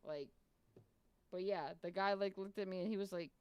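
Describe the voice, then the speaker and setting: A woman's voice: medium pitch, moderate pace, clean tone, no echo, lo-fi sound. A woman streamer casually telling a story to her viewers, rambling with lots of "like" and plenty of swearing, acting out both sides of conversations. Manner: rambling, full of "like" and frequent swearing; retells chats by voicing both sides. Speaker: game streamer.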